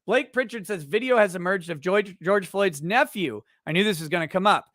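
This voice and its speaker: With a high voice and clean studio audio free of room sound, a male livestreamer reads chat messages out loud and cracks jokes. He rambles, keeps restarting his sentences haltingly, and livens up during stories in this casual stream chat.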